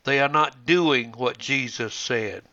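A man preaching a sermon, reading scripture and speaking in a measured, earnest way to his congregation. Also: mid-range voice, sharp tone, muffled recording. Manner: measured, earnest, addresses listeners as brethren and friends.

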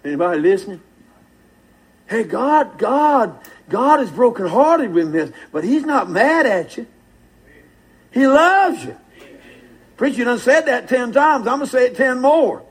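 A man's voice: extremely high pitch, sing-song, measured pace, pauses often, husky, rough recording. An older man preaching a sermon in a fervent, folksy way, calling out to the congregation.

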